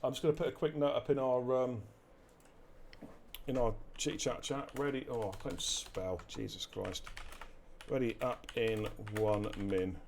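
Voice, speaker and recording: A man's voice: mid-range voice, unhurried, creaky, slight background noise. A man hosting a live esports racing stream, joking, swearing and bantering while commentating. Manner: jokey, swears freely, energetic.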